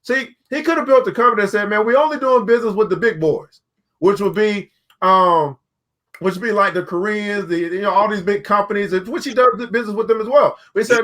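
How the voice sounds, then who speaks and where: High bright-voiced guy hosting a money talk show, folksy, preachy, repeats himself a lot. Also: brisk. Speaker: show host. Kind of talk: casual business talk to camera.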